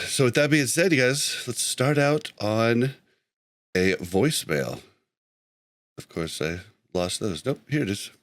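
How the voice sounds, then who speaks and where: A man at a middle pitch hosts a casual gaming podcast, loose and chatty. He laughs often and fixes his slips on the fly. The sound is dry and close. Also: animated, slow, no room sound. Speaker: podcast host.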